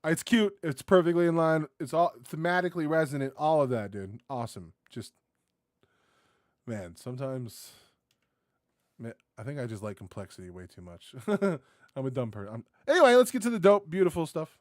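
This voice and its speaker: A man doing casual reaction commentary, rambling and excitable, swearing freely and tossing in dude and bro. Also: a little high, normal speed, dry recording, studio quality. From United States. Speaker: reaction video host.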